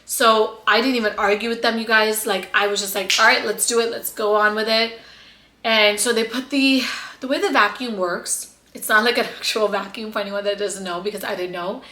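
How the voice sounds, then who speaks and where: Young woman, vlogger, bright voice, chatty and emotional, roomy echo. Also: medium pitch, fairly even intonation, fairly quick. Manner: chatty, emotional, lots of fillers, addresses viewers directly. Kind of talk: casual vlog storytelling.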